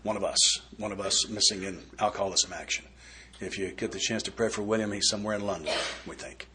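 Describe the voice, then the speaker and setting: A man's voice: on the low side, fairly even intonation, fast, noisy background. A man giving a recovery step study talk, folksy and joking in a conversational way. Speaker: workshop speaker.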